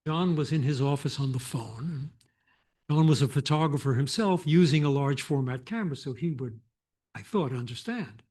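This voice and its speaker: An older man, a photographer, telling anecdotes on a lecture stage in a reflective, animated way with restarts. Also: mid-range voice, moderate pace, husky. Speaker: photographer guest. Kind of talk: conversational storytelling.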